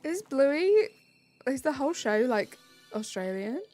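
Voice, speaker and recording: A woman's voice: high-pitched, sing-song, unhurried, a little mellow, soft background music. A woman streamer chatting casually with her live chat, giggling and teasing herself as she reads messages. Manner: giggly, self-mocking, chatty.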